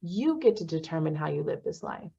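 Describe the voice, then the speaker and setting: A woman's voice: sits low, fairly quick, gravelly, slightly rough, dull audio. Blunt, cursing woman leading a class. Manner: blunt, swears freely, animated bursts. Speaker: class facilitator. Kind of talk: casual motivational class talk.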